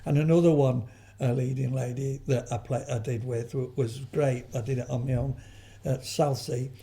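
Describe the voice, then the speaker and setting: An older man chats as an interview guest, his voice mellow and warm. He wanders through anecdotes, restarting sentences and adding asides as he goes. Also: medium pitch, steady tone, normal speed, gravelly. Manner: rambling storyteller, frequent restarts and trailing asides. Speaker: guest, veteran comedian.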